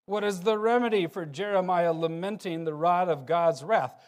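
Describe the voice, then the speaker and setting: Man with a high voice preaching a sermon; reads scripture, dynamic between emphatic and hushed delivery. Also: normal speed. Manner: expressive, swings between loud emphasis and quiet low passages. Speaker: pastor.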